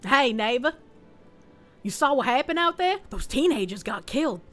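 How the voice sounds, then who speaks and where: A woman plays a shaken neighbor, an anxious parent talking low and confidingly. The voice is lowered from a naturally high register, with soft music in the background. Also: animated, moderate pace. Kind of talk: game character voicing.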